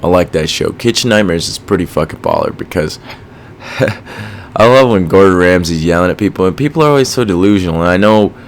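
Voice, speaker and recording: A young man hosting a solo podcast, rambling casually and swearing a lot while thinking out loud. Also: low voice, animated, brisk, slight background noise. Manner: rambling, profane, self-reflective. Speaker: podcast host.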